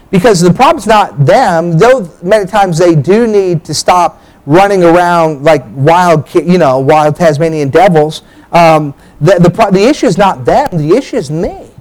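A man's voice: sits high, a little mellow, low-quality recording. A pastor, a man, preaching a sermon with emphatic bursts, frequent restarts and direct appeals to the congregation.

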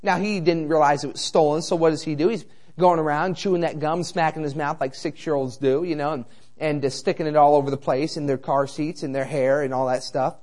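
Brisk and somewhat high-voiced, this man in his thirties is a traveling evangelist delivering a sermon. He mixes lively personal anecdotes with chatty rhetorical asides.

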